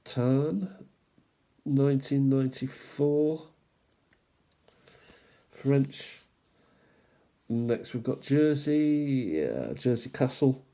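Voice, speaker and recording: A man hosting a stamp collecting channel, musing aloud in an unhurried way as he shows stamps one by one, with small asides. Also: mid-range voice, expressive, dark tone. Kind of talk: casual show-and-tell commentary.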